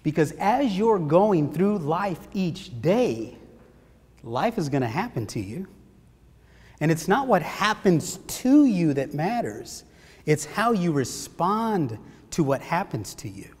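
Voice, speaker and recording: A man giving a motivational seminar talk, energetic and asking his audience questions. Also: a little high, slow, slightly rough. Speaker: motivational speaker. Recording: long hall reverb.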